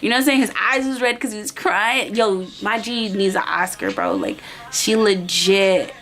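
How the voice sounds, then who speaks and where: A woman's voice: medium pitch, animated, normal speed, fairly bright tone. A young woman vlogger telling a storytime in casual, slangy chat, acting out the voices of everyone in it.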